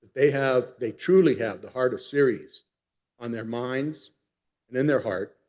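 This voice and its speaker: A man giving public comment at a council meeting, earnest and measured. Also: medium pitch, darkish tone.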